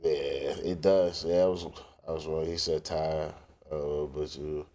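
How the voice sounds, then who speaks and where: A man's voice: very deep voice, level tone, measured pace, warm tone. A man, a rapper hosting a late-night livestream, chatting loosely and answering his viewers' messages with casual swearing. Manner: loose, profane, reads and answers chat aloud.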